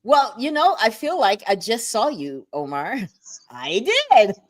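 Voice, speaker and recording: A woman hosting a livestreamed talk show from a home setup, animated and chatty with playful asides. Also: medium pitch, unhurried.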